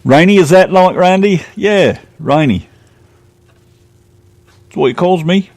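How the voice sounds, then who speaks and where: A man's voice: sits high, measured pace, a little mellow. A man hosting a casual radio show, chatting in a rambling way and laughing often. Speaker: host.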